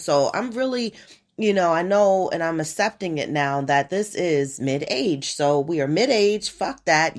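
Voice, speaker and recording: A woman in her forties hosting a podcast alone, rambling in a profane, animated casual monologue. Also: lowish voice. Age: 40s. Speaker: podcast host.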